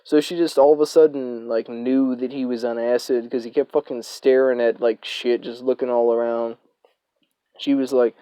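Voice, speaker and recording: Rambling young man, mellow voice. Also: medium pitch, steady tone, normal speed, dry recording. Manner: rambling, profane, filler-heavy. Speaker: storyteller. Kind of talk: casual storytime vlog.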